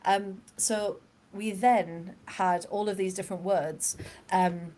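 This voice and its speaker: A woman co-hosting a casual football podcast, chatty, laughing often and filling pauses with fillers. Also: mid-range voice, fairly even intonation, dark tone. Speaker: podcast co-host.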